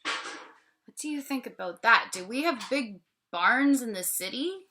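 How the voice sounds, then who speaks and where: A woman's voice: on the high side, animated, unhurried, bright, forceful tone, a little hiss or hum. A woman teacher reading a picture book aloud to young children, stopping to ask questions and explain.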